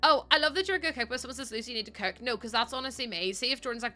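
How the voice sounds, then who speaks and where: Girl chatting on stream, bright voice, laughs a lot, a bit of music in the back. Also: on the high side, racing. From Ireland. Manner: chatty, laughs often, talks to chat. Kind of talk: casual live-stream chat.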